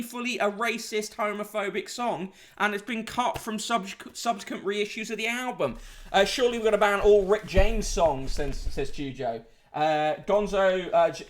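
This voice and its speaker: A man hosting a casual livestream, reading out newspaper headlines and chat comments with sardonic asides, swearing and frequent fillers. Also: high-pitched. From United Kingdom.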